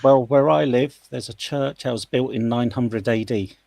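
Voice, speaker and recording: A man's voice: mid-range voice, steady tone, moderate pace, creaky, a little mellow, dry recording. A man in a casual group voice chat, telling stories in a rambling way and correcting himself as he goes. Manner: rambling, self-correcting storyteller.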